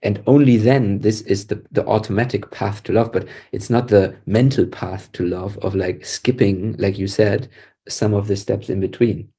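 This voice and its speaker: A man's voice: on the low side, fairly even intonation, normal speed, dark tone, breathy edge. A man co-hosting a podcast, talking intensely and emphatically and swearing freely in casual discussion. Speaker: podcast co-host.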